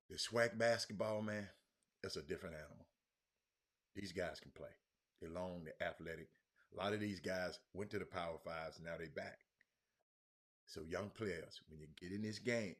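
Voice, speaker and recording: A man hosting a casual sports talk livestream, rambling with many restarts and calling out his viewers by name. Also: low voice. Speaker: sports talk show host.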